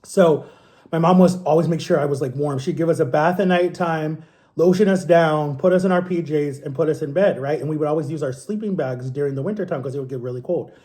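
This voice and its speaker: A man in his thirties from Ohio telling a childhood story in a casual, animated vlog style, acting out quotes in a higher voice. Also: a little fast. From Ohio, USA. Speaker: vlogger.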